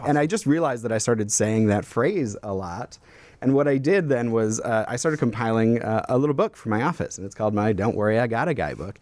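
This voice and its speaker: Real estate broker, male, mid-pitched, animated storyteller on a radio show, dry close mic. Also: fairly quick, dry recording. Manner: storytelling, quotes clients. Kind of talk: casual radio talk.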